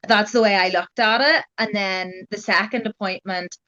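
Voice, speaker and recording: A young woman talks through her experience in loose, conversational storytelling, dotting her sentences with "like" and "you know". Her voice sits at an ordinary middle pitch for a woman. The audio is slightly dull and muffled. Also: steady tone, moderate pace, pushed and bright. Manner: chatty, heavy use of "like" and "you know". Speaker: guest sharing her genetic testing experience.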